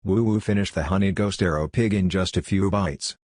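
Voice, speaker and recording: Audiobook narrator, male, low voice, dry and close. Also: a little fast, a little mellow, no room sound. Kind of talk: scripted narration.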